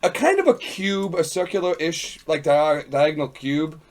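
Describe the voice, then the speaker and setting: A man's voice: on the high side, expressive, moderate pace. A man playing a tabletop game, thinking aloud and narrating what his character does. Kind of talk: casual game chat.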